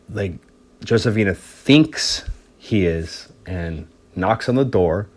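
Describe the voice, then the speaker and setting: A man hosting a podcast, telling a story in a relaxed, rambling way, swearing freely. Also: mid-range voice. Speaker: podcast host.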